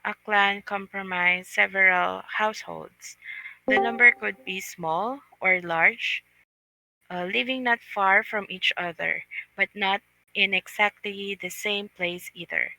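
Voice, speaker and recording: A woman reading a text aloud on an online voice call, slow and halting, stopping to sound out hard words. Her voice is very bright and clear. The sound is dry, with no room around it. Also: medium pitch, fairly even intonation, no room sound, poor audio. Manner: halting, careful reading with pauses. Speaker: book club reader.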